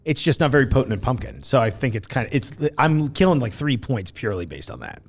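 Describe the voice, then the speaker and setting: A man's voice: medium pitch, fast talker. A man hosting a casual podcast, taste-testing snacks with friends and joking around. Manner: jokey, animated, puts on silly voices. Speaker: podcast host. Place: indoors in a store.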